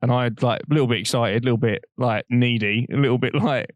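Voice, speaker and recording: A man's voice: mid-range voice, quick pace, dry recording, dull audio. Rambling young Englishman with a dry sound. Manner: rambling, animated anecdotes with frequent laughter. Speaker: podcast co-host. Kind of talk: casual storytelling chat.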